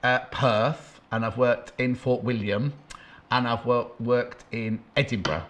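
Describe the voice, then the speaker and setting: A man's voice: mid-range voice, a little slow, fairly bright tone, a little hiss or hum. A male TV sewing-show host presenting fabrics in a gushing, rambling way, often breaking off mid-sentence. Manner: gushing, rambling, self-interrupting. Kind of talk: live shopping-channel presenting.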